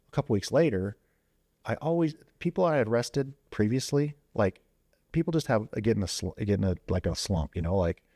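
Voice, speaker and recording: Deep mellow guy telling an old police story, lots of "you know", acts out the voices. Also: no echo, studio quality. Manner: acts out quoted dialogue with lively voice jumps; loose, with many fillers like "you know" and "like". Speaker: guest, former police officer and Marine veteran. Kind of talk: casual storytelling.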